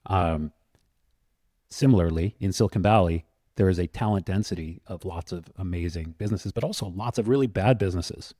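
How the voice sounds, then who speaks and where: Deep, mellow-voiced male podcast co-host. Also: fairly quick, no room sound, clean studio sound. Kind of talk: conversational podcast talk.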